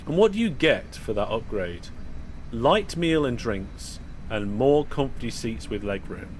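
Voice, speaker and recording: A young British man talks through a live stream of a train simulator game. He chats easily with his viewers and fills his talk with ums, uhs and restarts. His voice sits at an everyday middle pitch for a man. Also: animated, unhurried, a little hiss or hum. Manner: chatty, talks to viewers while playing, frequent fillers and restarts. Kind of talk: casual live-stream commentary.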